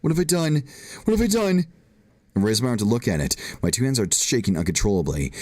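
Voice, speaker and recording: A man's voice: mid-range voice, big pitch swings, fast talker, a little mellow, no room sound, clean studio sound, pitched above the performer's own voice. A man reading as an anguished shy girl. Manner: reads emotionally, rising to pleading outbursts. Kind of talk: reading a visual novel aloud.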